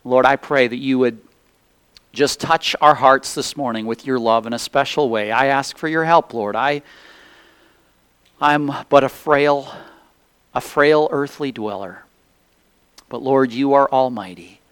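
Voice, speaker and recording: Slow, earnest male pastor, dry sound. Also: mid-range voice, fairly bright tone, clear, resonant tone, dry recording. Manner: slow, earnest, reverent pulpit delivery. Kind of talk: sermon with congregational reading and prayer.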